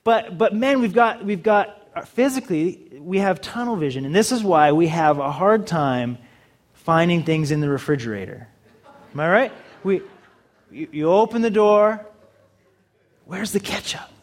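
A man's voice: high voice, lively intonation, moderate pace. A man preaching a sermon in a humorous, conversational way, acting out little dialogues with the audience. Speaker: pastor.

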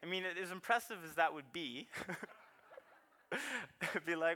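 A man's voice: high voice, expressive, slow, pauses often, sharp tone. A man in his thirties preaching a sermon in a chatty, self-deprecating way, laughing often and repeating words. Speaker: pastor.

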